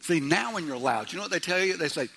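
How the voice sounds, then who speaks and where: A middle-aged man preaching a sermon in church, loud, animated and joking. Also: a little high, fast, husky. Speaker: pastor.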